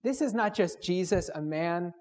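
Male preacher, higher-pitched, emphatic, repetitive student-meeting sermon. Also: expressive, normal speed, darkish tone. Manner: emphatic, repetitive, builds phrases; leads group to read aloud together.

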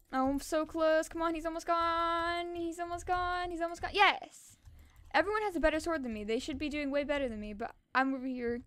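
A young woman giving casual, excitable commentary on her own gameplay and repeating words fast when tense. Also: very high voice, no echo. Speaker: gaming channel host.

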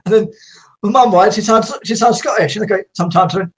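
A man hosting a casual video chat, rambling and laughing often, a little croaky. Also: sits high, fast. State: slightly croaky. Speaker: host.

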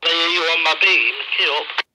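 A man's voice: fairly high pitch, moderate pace. A man chatting bluntly in British slang over a two-way radio. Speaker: radio operator. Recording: static-heavy two-way radio transmission.

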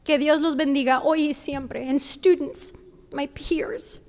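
A woman's voice: high-pitched, level tone, a little slow. A young woman from Texas giving a passionate, emphatic commencement speech at a podium in a large venue. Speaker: commencement speaker. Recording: long hall reverb.

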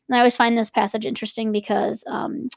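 Young woman reading a book aloud quick, higher voice, chatty asides. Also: creaky, dry recording, studio quality. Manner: lively, switching between reading and chatty asides. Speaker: reader and teacher. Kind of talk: reading a novel aloud with commentary.

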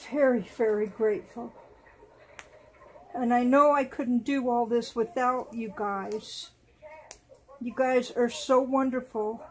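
A woman hosting a casual vlog at home, talking to viewers and cooing softly to her dolls. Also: a little high, slightly rough. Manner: doting, soft baby talk to her dolls. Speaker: doll channel host.

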